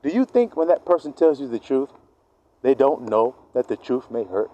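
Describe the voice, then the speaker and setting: Animated, profane man preaching. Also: mid-range voice, moderate pace, dull audio. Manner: animated, profane, acts out both sides of arguments. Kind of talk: street-style sermon monologue.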